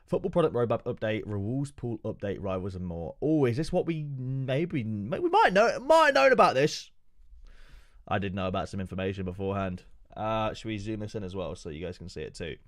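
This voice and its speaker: A man on a live stream, reading an update aloud with excitable, profane asides. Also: on the low side, fairly quick, hardly any pauses, dry recording, clean studio sound. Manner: excitable and profane, joking asides between read passages.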